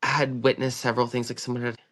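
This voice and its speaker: A man co-hosting a casual reality TV recap podcast, gossipy and animated, acting out what cast members said. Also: medium pitch, fast talker. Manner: gossipy, animated, acts out quotes in put-on voices. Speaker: podcast co-host.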